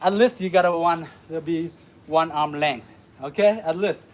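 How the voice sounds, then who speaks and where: A man with a Vietnamese accent teaching a live martial arts lesson, counting and calling out strikes as he demonstrates. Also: normal speed. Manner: demonstrating moves, counting, shouting "boom".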